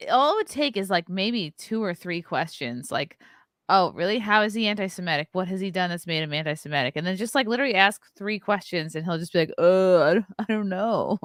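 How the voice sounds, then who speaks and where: A woman's voice: fairly low pitch, lively intonation, quick pace, fairly bright tone, no echo, clean studio sound. A woman guest on a podcast, chatting casually and joking. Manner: chatty, laughs easily, speculative. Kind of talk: casual comedic chat.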